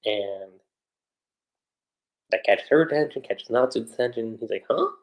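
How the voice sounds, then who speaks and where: A man hosting a livestream, recapping an anime episode in a chatty, animated way, with lots of fillers. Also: medium pitch, unhurried, low-quality recording. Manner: animated retelling with frequent fillers. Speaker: anime reviewer.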